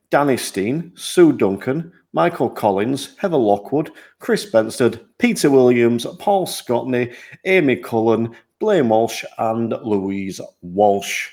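Upbeat man hosting a podcast. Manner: upbeat and self-deprecating, with lively jumps in pitch. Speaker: podcast host.

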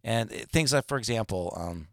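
A man co-hosting a podcast, chatting casually and retelling stories in an animated, rambling way. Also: fairly low pitch, normal speed, dry recording, studio quality. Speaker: podcast co-host. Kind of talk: casual chat.

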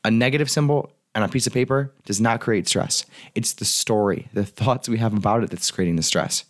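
A man's voice: lowish voice, fairly quick. A male coach talking through a solo podcast monologue, casual and earnest, with the odd swear word. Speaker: life and business coach.

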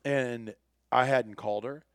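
A man's voice: medium pitch, measured pace, no room sound, clean studio sound. A man telling a hunting trip story in casual chat, acting out the people he quotes. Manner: animated storyteller, acts out quoted voices.

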